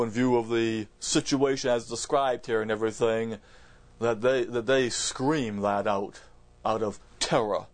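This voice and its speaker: Guy preaching through a bible passage, emphatic, keeps repeating himself and restarting, mid-pitched voice. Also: a little mellow. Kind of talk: expository Bible sermon.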